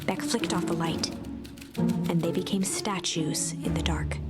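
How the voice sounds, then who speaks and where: A woman doing whispered story narration in a hushed, suspenseful whisper. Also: on the low side, fairly even intonation, measured pace, loud music behind the voice.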